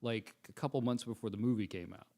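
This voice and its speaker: Expressive man telling a story. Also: mid-range voice, quick pace, creaky. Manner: expressive storyteller, voice rises for quoted lines. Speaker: guest. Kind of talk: casual chat.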